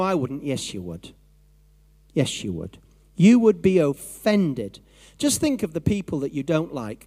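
A man preaching a sermon in a lively, conversational way, acting out his own thoughts and voices. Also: sits high. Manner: animated, conversational, acts out inner voices.

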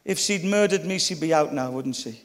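A man's voice: on the high side, brisk, slight background noise. A middle-aged man preaching a storytelling sermon, with chatty, humorous asides to the congregation. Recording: long hall reverb.

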